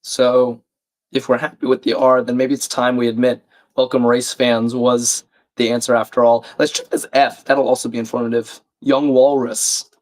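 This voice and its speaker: Man, croaky, under the weather, chatty stream host reading out chat, mid-pitched. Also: level tone, moderate pace. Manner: chatty, reads chat aloud, self-deprecating. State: croaky, a bit sick. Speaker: livestream crossword host. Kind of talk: casual live-stream chat.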